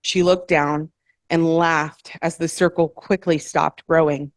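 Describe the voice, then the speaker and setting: A woman at an open mic, reading her own novel aloud in a measured, careful way and correcting small slips as she goes. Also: sits low, flat delivery, no room sound. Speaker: featured author at an open mic. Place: performance hall, in person.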